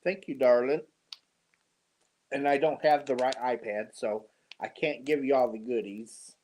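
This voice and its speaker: A tired, congested man hosting a casual live stream, greeting viewers and talking slowly with many pauses and fillers. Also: mid-range voice, steady tone, darkish tone, low-quality recording. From United States. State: tired and congested after surgery. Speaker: host of a live yarn stream.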